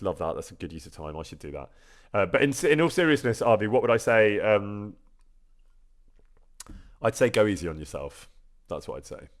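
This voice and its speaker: A man, chatting casually on a live stream and answering viewer questions, self-deprecating and laughing often. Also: low voice. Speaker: streamer and actor.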